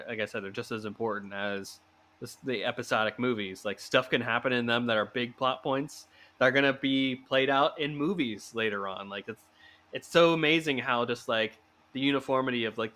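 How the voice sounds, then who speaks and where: A man hosting a casual fan podcast, animated, laughing often and restarting his sentences. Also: medium pitch. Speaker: podcast host.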